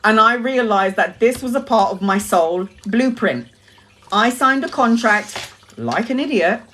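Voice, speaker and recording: A woman from Brazil, a tarot reader, telling a story on a live stream with a lively, laughing and swearing manner. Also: fairly high pitch, unhurried, slight background noise.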